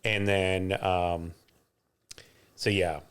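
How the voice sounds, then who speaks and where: A man's voice: deep voice, steady tone, drawn-out words, clear, resonant tone. A middle-aged man co-hosting a podcast, telling stories in a casual chat and laughing often. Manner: storytelling, laughs often, chatty. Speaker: podcast co-host.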